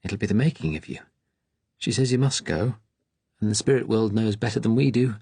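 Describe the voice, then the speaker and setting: A man's voice: lowish voice, animated, a little fast, warm tone, breathy edge, no echo, voice pushed up. A man doing an anxious fussing mother. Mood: worried. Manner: worried, fussing.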